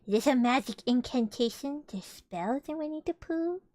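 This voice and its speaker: A woman's voice: high voice, lively intonation, normal speed, a little mellow, no echo. A woman streamer reading a children's book aloud with chatty, playful asides to her viewers. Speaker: vtuber streamer.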